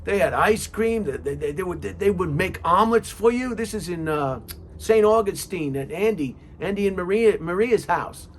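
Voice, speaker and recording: A man's voice: high voice, expressive, moderate pace, slight background noise. A man giving car service tips in a casual monologue, reading questions off a list and rambling with jokes and asides. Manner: rambling, repeats words, many fillers.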